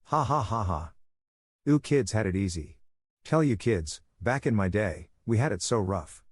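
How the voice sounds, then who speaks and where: A man with a fairly low voice reads stories aloud at a steady, even pace. The sound is dry and close, with no room around it. It suits a calm read-aloud channel. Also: normal speed, slightly rough, dry recording. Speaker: narrator of online stories. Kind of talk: read-aloud story narration.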